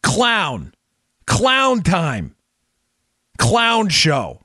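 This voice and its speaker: A man delivers political commentary with big swings of pitch, leaning hard on his points. His voice sits high and lively. The sound is dry and close, with no room around it. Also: very slow, dry recording. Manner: animated, emphatic, laughs often. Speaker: podcast host.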